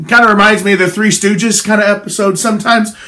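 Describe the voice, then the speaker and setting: A high-voiced man preaching a short daily devotional in an earnest, exhorting tone. He speaks straight to his listeners and urges them on. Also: steady tone, fast, pushed and bright.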